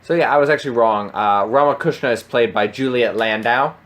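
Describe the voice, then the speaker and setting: A man's voice: mid-range voice, fairly quick, fairly bright tone. A man co-hosting a podcast, recapping a cartoon episode plot in casual chat, dry and matter-of-fact. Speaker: podcast co-host.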